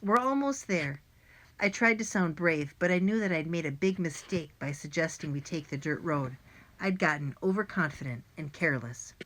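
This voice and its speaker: A woman with a fairly low voice reads a first-person children's adventure aloud. She tells it in a lively, plain and clear way, like a storyteller. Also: normal speed. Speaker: audiobook narrator. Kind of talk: first-person audiobook narration.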